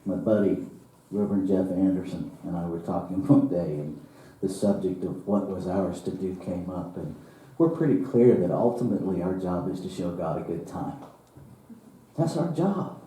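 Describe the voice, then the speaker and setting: A male minister giving a sermon, telling a parable slowly and dramatically, with chuckles and hushed drops. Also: low voice. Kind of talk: sermon storytelling. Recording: roomy church hall, from far off.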